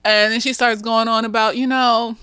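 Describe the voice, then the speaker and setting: A woman's voice: fairly high pitch, flat delivery, normal speed, bright, forceful tone, clean tone, no room sound, studio quality. A slightly tipsy woman, a therapist, recapping a TV episode in a frank, chatty way full of slang and swearing. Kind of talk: casual TV recap vlog.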